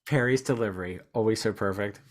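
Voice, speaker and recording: A podcast host with a lowish voice talks fast, chatting casually with a guest. He's relaxed and chatty, chuckling often.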